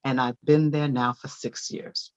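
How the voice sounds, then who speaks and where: A woman, a daycare owner, telling her personal testimony in a church interview with animated storytelling. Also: a bass voice, measured pace, highs cut off. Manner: animated storytelling, acting out quoted voices.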